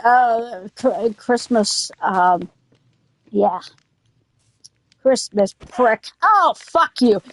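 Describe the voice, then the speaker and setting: A woman's voice: high-pitched, no room sound. A woman chatting casually while playing a game, rambling, drifting into silly riffs and swearing at it in sudden angry outbursts. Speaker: gaming streamer. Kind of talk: casual let's-play chat.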